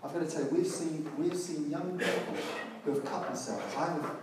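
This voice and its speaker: A man preaching a sermon, telling a story and rising to loud, emphatic peaks. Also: a little high, a little fast, very noisy. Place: large church hall. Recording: echoey church hall, mic at a distance.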